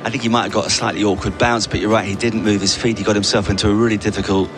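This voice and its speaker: Man, lower voice, tennis co-commentator, dry humour, headset, noisy stadium. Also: level tone, very fast. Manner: chatty, dry joking asides. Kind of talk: live sports commentary. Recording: noisy outdoor venue background.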